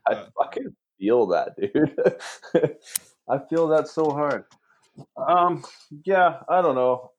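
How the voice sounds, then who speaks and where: A man's voice: a little high, expressive, slow pace, pauses often, muffled recording. A man, a brewer, joking and swearing in casual podcast chat. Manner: joking, profane, laughs often.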